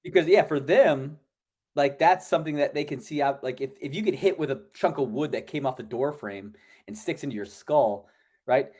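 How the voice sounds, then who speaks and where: A man's voice: medium pitch, moderate pace, darkish tone. A man co-hosting a podcast, talking in a laid-back, casual way with many "like" fillers. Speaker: podcast co-host. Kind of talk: casual chat.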